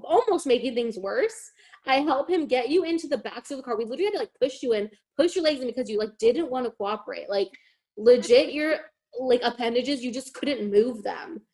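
A young woman with a slightly high voice tells a chaotic story in a casual podcast chat. She swears freely and acts out each quoted line. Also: fairly quick, a little mellow.

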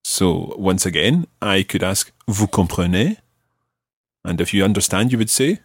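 A man hosting a podcast language lesson, teaching patiently and slowing down to spell out each phrase. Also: deep voice, expressive, dry recording, studio quality.

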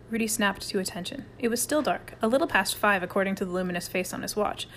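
Calm woman narrating a storybook. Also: mid-range voice, quick pace, hardly any pauses, slight background noise. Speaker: audiobook reader. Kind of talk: scripted narration.

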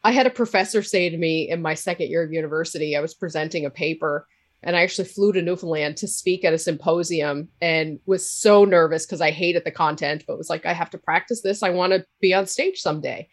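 A frank, outspoken woman with a Cape Breton accent, talking openly as a guest in a relaxed interview. Her voice sits a little low, and her laugh comes out big and loud. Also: brisk. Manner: candid, laughs loudly, swears freely. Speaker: podcaster guest. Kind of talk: casual interview talk.

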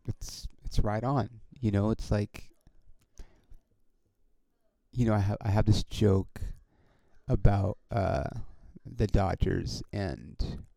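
A man's voice: fairly low pitch, gravelly, mellow, no echo. A man hosting his own podcast, talking in a casual, rambling way with many restarts and frequent swearing. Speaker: podcast host and comedian.

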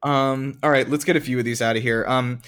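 A man's voice: mid-range voice, steady tone, brisk, a bit bright, clear, resonant tone. A man co-hosting a casual podcast, rambling with many "like"s, fillers and restarts while reading out listener submissions. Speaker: podcast co-host. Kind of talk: casual chat.

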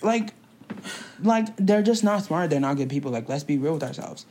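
A young woman co-hosting a casual chat, telling a story in a blunt, profane, animated way. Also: low-pitched, moderate pace, slight background noise.

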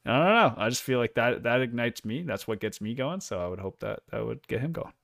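A man co-hosting a casual sports podcast, blunt and animated, laughing often. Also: mid-range voice, a little fast, creaky. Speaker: podcast co-host.

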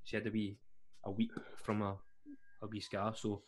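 A man's voice: fairly low pitch, monotone, moderate pace, slight background noise. A man in casual podcast chat, rambling and correcting himself, laughing often.

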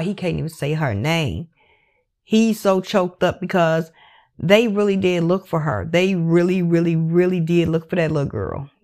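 A woman recapping a true crime case in a casual, emotional and candid way, swearing freely and leaning on "like" as she talks. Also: fairly low pitch. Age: adult parent. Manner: emotional, candid and profane, with many "like" fillers.

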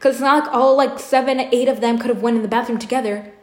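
A woman's voice: on the high side, steady tone, quick pace. A young adult woman co-hosting a podcast, telling a long story in casual chat, filling it with lots of filler words. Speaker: podcast co-host. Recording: echoey room.

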